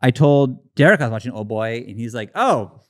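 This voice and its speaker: A man's voice: medium pitch, a little fast. A man hosting a podcast and signing off the episode in casual, upbeat chat. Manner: upbeat sign-off patter. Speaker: podcast host.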